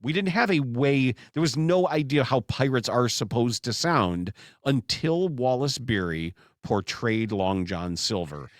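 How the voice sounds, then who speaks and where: A man's voice: mid-range voice, animated, measured pace, no echo, studio quality. A man hosting a casual podcast chat, talking with lots of animation and slipping into pirate voices now and then. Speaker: sports radio host.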